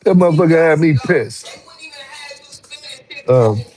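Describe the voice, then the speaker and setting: A man, a former truck driver telling a story in casual, profane, animated talk with heated outbursts. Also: fairly high pitch, takes it slowly, faint music behind. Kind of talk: casual storytelling on a live stream.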